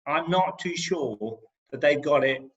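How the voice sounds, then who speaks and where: Reading spoken-word poetry from home over an online video call, a Midlands-accented performance poet from England keeps a measured pace. His slightly higher-than-average male voice lands each rhyme on a steady rhythm, and he fills the gaps with dry, self-mocking chat, though the video call microphone leaves the audio muffled, dull and lo-fi.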